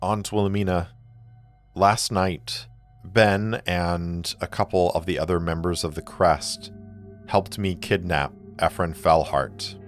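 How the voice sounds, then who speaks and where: An earnest young woman who lays out her plans in eager rushes, as a man voices her in his low register. Faint music sits beneath the voice. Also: fairly even intonation. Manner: earnest, explaining in quick rushes. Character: earnest young woman, niece, plotting ally.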